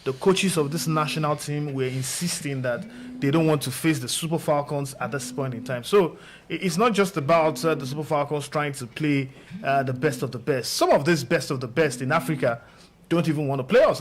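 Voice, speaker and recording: Male pundit from Nigeria, hesitant delivery, slightly raised pitch. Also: brisk. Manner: hesitant, many filler sounds. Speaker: football pundit. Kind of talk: live watch-along commentary.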